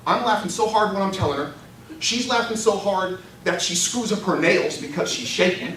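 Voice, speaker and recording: An older man giving a humorous storytelling speech at a contest, animated and laughing through his own punchlines. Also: high voice, far from the mic, a little hiss or hum. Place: meeting hall. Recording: echoey hall recorded from afar.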